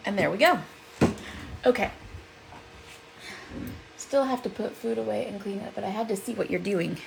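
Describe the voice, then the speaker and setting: A chatty, upbeat woman demonstrates a craft project live. She reads out viewer messages as she works and laughs easily. Her voice sits at a middle pitch. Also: moderate pace, creaky, background noise. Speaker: crafting livestream host. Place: seated at a home craft desk.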